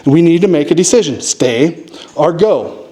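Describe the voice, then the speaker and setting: A man from Montana telling a comic story at a live show, acting out what people said in sudden raised voices. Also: normal speed. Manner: animated, acts out quotes with sudden high-pitched voices. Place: distillery stage before a live audience.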